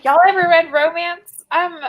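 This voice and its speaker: A woman's voice: extremely high pitch, fairly even intonation, normal speed, dull audio, slight background noise. A woman in casual chat on a video call, gushing and playfully dramatic, laughing often. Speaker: indie bookseller guest.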